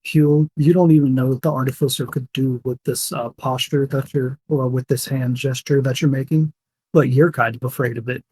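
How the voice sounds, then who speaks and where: A man's voice: mid-range voice, steady tone, normal speed, a little mellow, slightly rough. A young man running a tabletop game as game master, narrating casually with fillers.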